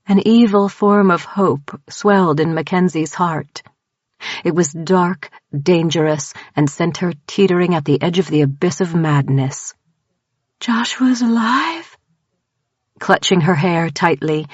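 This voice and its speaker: A woman narrating a horror audiobook in a measured, unhurried way. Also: on the low side, no echo. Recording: dull, dry close-mic audiobook recording.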